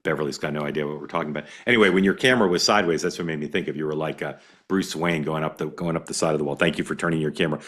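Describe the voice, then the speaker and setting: A man hosting a political talk show, talking in a conversational, halting way with many restarts. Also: rumbling low, fairly bright tone, slightly rough. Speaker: host.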